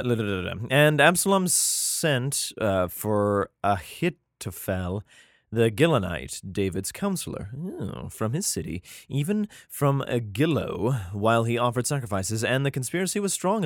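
A man's voice: mid-range voice, dry recording, clean studio sound. A man reading old scripture aloud at home, breaking off into irreverent, heavily profane joking commentary.

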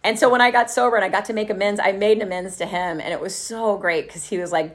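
A woman's voice: lowish voice, fast, few pauses. A woman, telling a candid, profane story of her own recovery to a group. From Texas. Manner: candid, profane, laughing often, acting out the quoted voices. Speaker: speaker sharing a recovery story.

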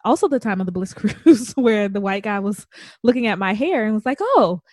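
A woman's voice: medium pitch, brisk, a little mellow, no room sound. A woman podcast host in casual chat, telling stories with frequent giggles. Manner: giggly, laughs through stories.

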